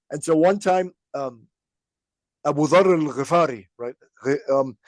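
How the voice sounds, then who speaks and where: A podcast host teaches religious history informally, telling it like a story, acting out quotes and sometimes laughing. His voice is a little high, his pace measured, and the recording dry.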